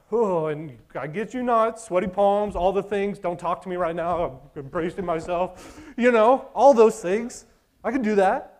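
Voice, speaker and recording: A man in his late twenties preaching a sermon, telling stories in an animated way and acting out his own past thoughts. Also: high voice, unhurried. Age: 20s.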